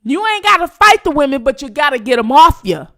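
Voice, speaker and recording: A woman's voice: high voice, big pitch swings, brisk, fairly bright tone. A woman hosting her own channel, giving blunt, profane, teasing live-stream commentary to her viewers. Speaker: channel host.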